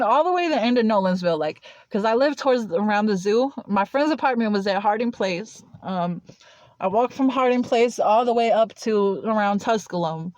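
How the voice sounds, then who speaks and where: A woman's voice: medium pitch, darkish tone, no room sound. Rambling woman telling a story, dry sound. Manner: rambling, heavy use of "like" and restarts. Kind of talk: casual personal storytelling. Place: Nashville.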